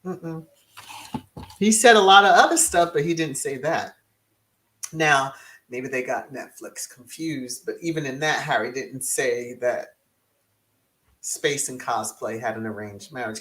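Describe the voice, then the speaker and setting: Slow, sassy woman commentator. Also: rumbling low, a bit bright. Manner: sassy, chuckling, lots of hums and mm-hmms. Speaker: host of a royal commentary channel. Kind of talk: casual live-stream commentary reading chat.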